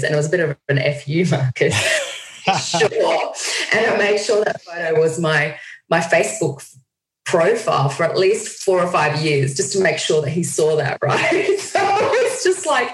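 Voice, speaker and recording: Low-voiced woman, echoey room. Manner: animated storyteller, acts out quoted lines. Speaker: guest speaker. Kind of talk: casual video-call conversation.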